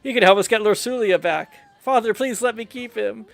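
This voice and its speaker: A man's voice: sits high, fairly quick, gravelly, no room sound. A man casually playing through a story game, playfully reading every character's dialogue aloud in his own voice. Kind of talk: casual game playthrough commentary.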